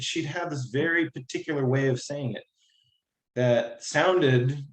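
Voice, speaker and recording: A man from the cast talks through a question on a video call, stopping and restarting often. His voice sits at a middling pitch and rings in a roomy space. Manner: halting, many restarts and fillers, imitates relatives' lilting tone. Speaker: actor in the cast.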